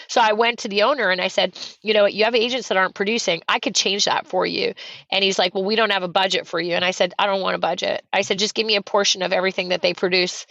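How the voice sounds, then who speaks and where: Lively woman guest from Canada, animated storyteller, slightly dull, dry podcast sound. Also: mid-range voice, gravelly, no room sound. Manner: animated, fast storytelling with acted-out quotes. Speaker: real estate coach, guest. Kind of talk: energetic storytelling interview.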